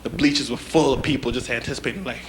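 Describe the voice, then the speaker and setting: Racing through his set in a medium-pitched voice, a young stand-up comedian tells casual stories and mimics other people. He leans on the word "man" often, and the live club recording carries a loud, noisy crowd.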